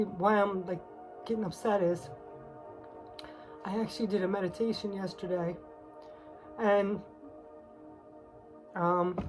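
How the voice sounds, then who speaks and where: On a rough recording, a tarot reader with a medium-pitched voice speaks casually and confidingly, close to tears. Her emotional delivery is full of fillers and soft laughs.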